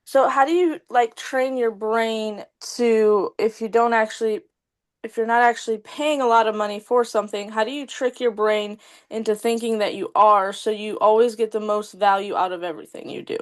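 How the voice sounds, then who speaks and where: A woman's voice: on the high side, fairly even intonation, moderate pace. A woman in a group chat asking a question casually, with many "like" fillers.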